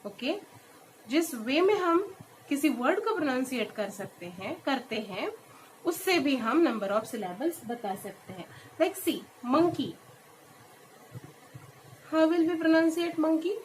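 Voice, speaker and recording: Indian lady teacher, pretty high voice, goes over each word slow, faint hiss behind. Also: very animated, low-quality recording. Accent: Indian English. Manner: explains step by step, repeats each example word slowly. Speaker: school teacher. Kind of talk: classroom lesson mixing English and Hindi. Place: school.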